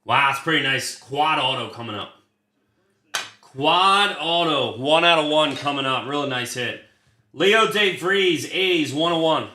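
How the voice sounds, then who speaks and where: Opening cards on a casual livestream, this man swears freely and calls out his pulls as he hosts the break. His medium-pitched voice moves at a normal speed with a bright, forceful tone, and the recording has a roomy echo.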